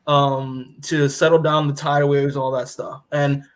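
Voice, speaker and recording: A young man co-hosting a podcast, casually retelling a comic story in a rambling way, full of fillers and quick acted-out character lines. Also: a little high, little pitch movement. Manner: rambling, lots of "like" and restarts, acts out characters' lines. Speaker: podcast co-host recapping comics. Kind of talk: casual chat.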